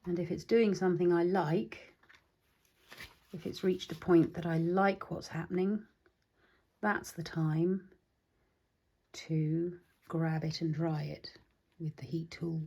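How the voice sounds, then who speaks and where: A woman hosting a craft tutorial, chatting casually and thinking aloud as she works, even talking to her supplies. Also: fairly low pitch, slow pace, pauses often, husky. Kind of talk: casual demonstration while crafting.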